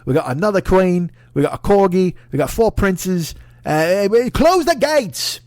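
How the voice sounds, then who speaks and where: A man putting on a mocking English accent, playing a loud, boastful Englishman who drags out his words. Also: high-pitched, no room sound, clean studio sound, voice pushed up. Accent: put-on English. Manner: loud, drawn-out, sing-song bluster.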